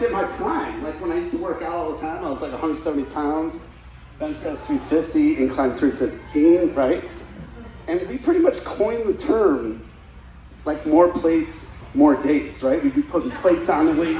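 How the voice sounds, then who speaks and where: A man's voice: fairly high pitch, a little mellow. Man telling stand-up stories in an echoey room. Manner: storytelling with frequent "like" and "right?". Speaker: comedian. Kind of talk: stand-up comedy set. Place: party venue with guests. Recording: roomy echo, mic from a distance, faint room noise.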